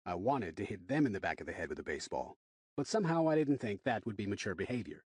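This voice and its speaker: A man narrating a first-person horror audiobook in an expressive, wry way. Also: lowish voice, quick pace, husky, no echo, studio quality.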